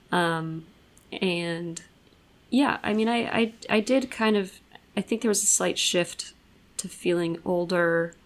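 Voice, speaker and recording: A woman's voice: on the low side, poor audio. A young woman co-hosting a podcast, talking frankly and bluntly about a personal experience, swearing freely. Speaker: podcast co-host. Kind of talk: candid personal conversation.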